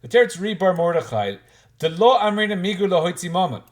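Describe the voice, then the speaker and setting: A man's voice: high-pitched, sing-song, fast. A man giving an informal Talmud class, thinking aloud with frequent restarts and working Hebrew and Aramaic terms into his explanations. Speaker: Talmud teacher.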